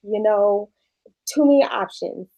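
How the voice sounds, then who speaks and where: A woman, a shop owner chatting casually and telling animated, playful stories. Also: mid-range voice, measured pace, vocal fry, noisy background. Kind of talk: casual chat.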